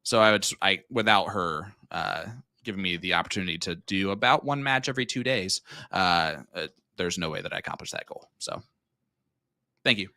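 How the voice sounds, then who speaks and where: Bright-voiced joking man in his thirties. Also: low voice, a little fast, no echo, clean studio sound. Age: 30s. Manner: joking, teasing banter. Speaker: darts commentator. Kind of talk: casual live commentary.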